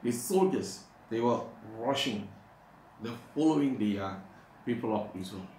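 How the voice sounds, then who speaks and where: A man preaching a sermon, pausing often with "uh" and slowing down to stress scripture verses. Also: medium pitch, lively intonation, darkish tone. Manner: halting, with frequent "uh" pauses. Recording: echoey room, faint background noise.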